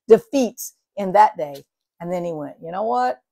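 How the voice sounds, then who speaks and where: A middle-aged woman gives a morning devotional in a slightly low, husky voice. She speaks earnestly and expressively, and now and then her voice falls to a soft whisper. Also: brisk. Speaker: devotional host.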